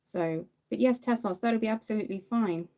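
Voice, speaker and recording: Irish girl chatting away to viewers while doing makeup, warm mellow voice, lots of ums. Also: medium pitch, fairly quick. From Ireland. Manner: chatty, answers viewer comments, many fillers. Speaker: makeup livestream host. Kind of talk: casual live chat while doing makeup.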